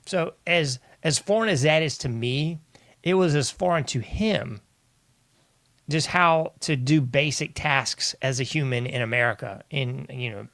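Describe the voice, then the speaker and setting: Ranting man host, fairly high voice. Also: fairly bright tone, dry recording. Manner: ranting, exasperated, addresses listeners as folks. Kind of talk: political commentary monologue.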